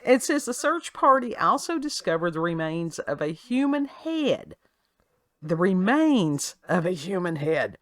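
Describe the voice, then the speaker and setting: A woman's voice: lowish voice, very animated, unhurried, no echo, clean studio sound. A woman hosting a casual talk show, reading a news story aloud with sarcastic asides and frequent laughs. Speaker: podcast host. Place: at home with her child nearby.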